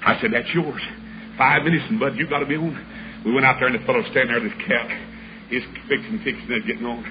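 Folksy preacher telling a story. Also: male voice, medium pitch, fairly even intonation, fast. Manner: folksy storyteller, acts out each voice, builds to shouts. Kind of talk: storytelling sermon. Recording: dull lo-fi recording with clear background hiss.

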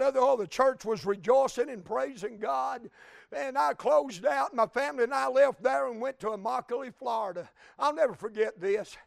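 High gravelly preacher man. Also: no room sound, studio quality. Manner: fervent, rising to shouts. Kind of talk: storytelling sermon.

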